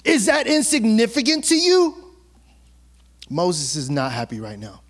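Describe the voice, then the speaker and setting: Male pastor, very high voice, animated and colloquial sermon delivery. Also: a little slow. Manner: animated, conversational, colloquial storytelling.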